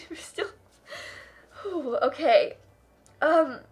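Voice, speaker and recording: A woman's voice: high-pitched, extremely slow. A tired young woman streamer on a live charity stream, reading donation messages aloud and gushing thanks, laughing on the edge of tears. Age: young adult.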